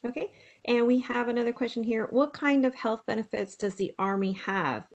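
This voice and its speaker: Brisk woman asking questions. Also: fairly high pitch, lo-fi sound. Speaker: interviewer.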